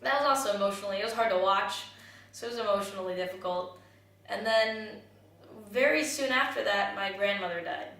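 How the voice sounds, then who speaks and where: A woman's voice: medium pitch, fairly bright tone. Woman talking far off mic in echoey room. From United States and Jamaica. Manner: candid, halting, with many pauses and restarts. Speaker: vlogger. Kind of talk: personal reflective talk.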